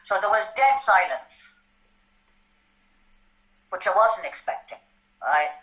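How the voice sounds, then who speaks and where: An older Irish woman telling a personal story in an interview, animated and often checking in with "right?". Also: medium pitch, slow. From Ireland. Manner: animated, tag questions like "right?". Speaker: guest. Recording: dull lo-fi sound.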